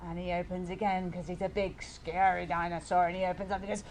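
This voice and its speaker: A woman's voice: fairly low pitch, little pitch movement, a little fast, darkish tone, slight background noise. A woman teaching a yoga class for young children, giving playful, encouraging, story-like instructions.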